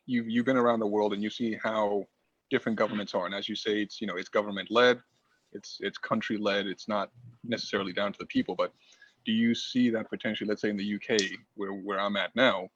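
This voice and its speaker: A man's voice: fairly low pitch, no echo. A man hosting an interview asks long rambling questions, often restarting his phrases. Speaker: podcast host. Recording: dull dry remote call audio.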